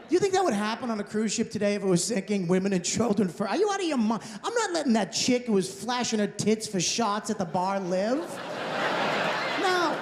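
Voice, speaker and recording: A man in his thirties doing a stand-up set in a comedy club, ranting sarcastically and mocking people with quick impressions. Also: sits high, sing-song. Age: 30s. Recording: live hall reverb, faint noise.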